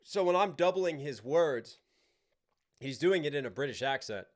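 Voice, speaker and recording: An American man and rapper hosting a casual live stream, talking in an animated, loose way with frequent swearing and restarts. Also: fairly high pitch, normal speed. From United States. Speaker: livestream host and rapper.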